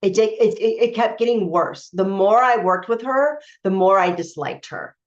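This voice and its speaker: A woman's voice: medium pitch, animated, normal speed. A woman coaching spiritually, telling a personal story to camera in a candid, emphatic way with many fillers and restarts. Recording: dull lo-fi recording.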